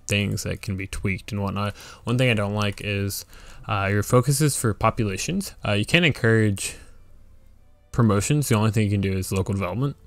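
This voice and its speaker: A man's voice: lowish voice, no echo. A man hosting a let's play, giving casual strategy game commentary and thinking aloud with fillers and restarts.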